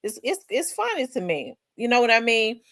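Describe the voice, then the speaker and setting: A woman with a Memphis Southern accent, hosting a livestream in casual chat, rambling and repeating herself and quick to laugh while she reads viewer comments. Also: on the high side, sing-song, a bit bright, no room sound, clean studio sound. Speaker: livestream host.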